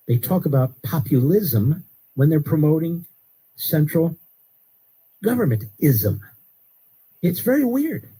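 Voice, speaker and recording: A man hosting a talk radio show, delivering an emphatic political commentary monologue that rises to sharp outbursts. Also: husky, rough recording. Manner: emphatic, rising to sharp high-pitched outbursts.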